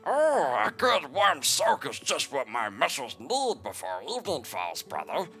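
A man's voice: medium pitch, huge pitch swings, measured pace, a bit bright, voice pushed up. Man doing a hulking friendly game creature, male, hammy cute monster voice, strange timbre, faint music behind. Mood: grateful. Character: big friendly rock-creature Goron, male. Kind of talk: reading game dialogue aloud.

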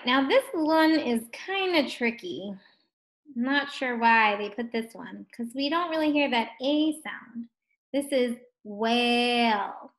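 Woman, first grade teacher, higher voice, slow and clear phonics lesson for young kids. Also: fairly bright tone. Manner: slow, clear, encouraging teacher talk to children. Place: home distance-learning recording.

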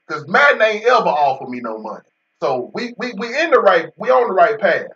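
A man's voice: sits high, sing-song, fairly quick, a bit bright, recorded from a distance, highs cut off. A man giving casual, joking commentary over a football video game as host, bantering about getting paid. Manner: joking banter with an unseen in-game agent, AAVE-flavored casual speech.

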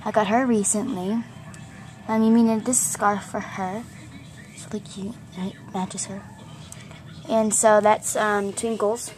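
Girl vlogger, rambling show-and-tell of her plush toys, gushy and chatty, mid pitch, from her bedroom. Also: steady tone, unhurried, long pauses. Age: child. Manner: chatty, gushing, rambling with fillers. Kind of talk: casual show-and-tell vlog.

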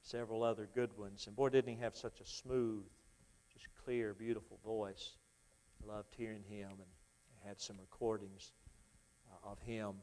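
A man preaching a revival sermon with emphatic exhortations, folksy humor and quieter storytelling. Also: medium pitch. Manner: folksy, self-deprecating humor. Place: church sanctuary.

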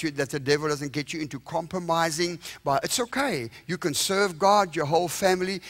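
South African preacher, upbeat and joking. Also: male voice, fairly high pitch. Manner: lively, joking with the congregation, repeats words, asks "all right?". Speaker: visiting revival preacher. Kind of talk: sermon. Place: church sanctuary.

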